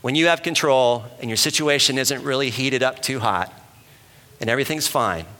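A man giving a sermon as a pastor, talking in a conversational and animated way and asking the room questions. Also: mid-range voice, moderate pace. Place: church hall with an audience. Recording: long hall reverb.

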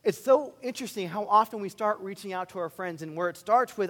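A man preaching a sermon as a pastor, animated and swinging between loud emphatic bursts and quiet, earnest asides. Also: sits high, a little fast, hardly any pauses, in a large hall.

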